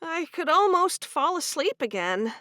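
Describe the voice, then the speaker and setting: A woman's voice: extremely high pitch, big pitch swings, unhurried, pushed and bright, no echo, studio quality, voice pushed up, heavily acted. A woman voicing a sleepy, easygoing young Amish woman who teases her husband. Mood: cheerful.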